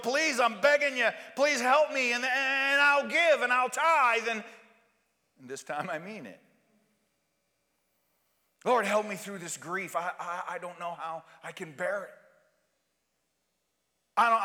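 A man's voice: very high voice, pushed and bright, big-room sound, pitched above the performer's own voice, full character voice. A man acting out a desperate man who begs God for help, pleading and stammering as he bargains.

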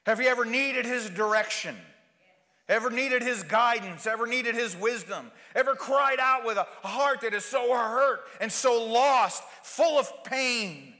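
A high-voiced male pastor preaching a sermon with a bright, forceful tone. He fires off rhetorical questions and drives points home by repetition. His voice carries a long reverb, as in a church. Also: unhurried.

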